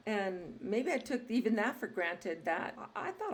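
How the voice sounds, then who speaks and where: A woman hosting a podcast, chatting casually and telling lively stories with frequent laughter. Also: medium pitch, normal speed, few pauses. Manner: lively storyteller, laughs often. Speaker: podcast host. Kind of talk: casual interview chat.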